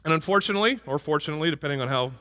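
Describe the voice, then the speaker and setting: Bright-voiced man preaching in an echoing church. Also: on the high side, animated, racing. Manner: conversational, asks the congregation questions. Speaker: pastor. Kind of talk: sermon. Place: church sanctuary. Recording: hall reverb from a church.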